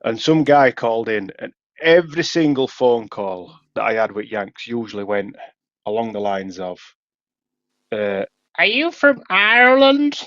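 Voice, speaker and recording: A man's voice: on the low side, normal speed, no room sound, lo-fi sound. A man with a Yorkshire accent telling a long story in casual podcast chat, full of restarts, swearing and laughs. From Yorkshire, England. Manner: rambling, many restarts, swears, laughs often. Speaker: podcast co-host.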